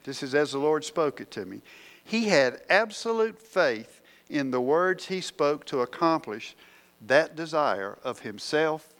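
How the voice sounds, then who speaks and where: A man's voice: on the high side, a bit bright. A man preaching a sermon, asking the congregation questions as he works through the verses.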